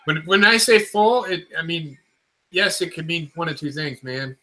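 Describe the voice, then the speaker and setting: A man's voice: a little high, lively intonation, moderate pace, sharp tone. A man hosting a casual livestream chat, loose and profane, talking to viewers by name. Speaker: show host.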